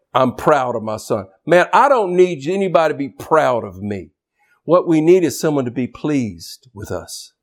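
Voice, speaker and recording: A man preaching a sermon as pastor, swinging from loud shouted emphasis to quiet, low asides.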